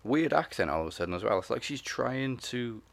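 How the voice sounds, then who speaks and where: A man co-hosting a wrestling podcast in casual chat, with a gravelly voice and dry, wry remarks. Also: mid-range voice, expressive, a little fast.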